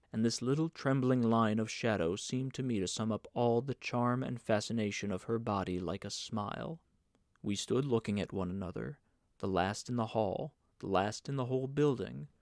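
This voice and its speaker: A man narrating an audiobook of a novel in an even, measured reading. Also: medium pitch, no room sound, clean studio sound. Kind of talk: scripted narration.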